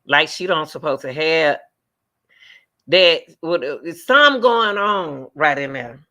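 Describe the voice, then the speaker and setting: A man doing live reaction commentary on a video, animated and talking straight to his chat. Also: a little high, a little slow, muffled recording. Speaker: commentary streamer.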